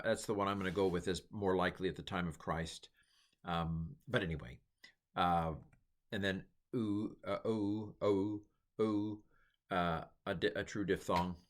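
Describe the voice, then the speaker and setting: Rambling middle-aged man teaching, low voice. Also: a bit bright. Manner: rambling, self-deprecating, many fillers. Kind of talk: informal lecture.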